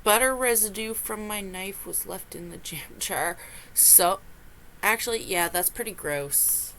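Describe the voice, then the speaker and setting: A young woman reading confessions aloud and reacting with loud exclamations and laughter. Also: medium pitch, a little slow, a little hiss or hum. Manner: animated, exclaims and laughs between lines.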